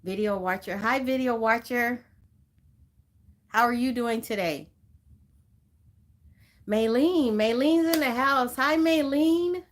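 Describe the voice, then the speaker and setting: A woman's voice: fairly high pitch, slow, pauses often. A woman from Southern California hosting a casual livestream, chatting and greeting viewers by name with frequent laughs. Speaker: livestream host.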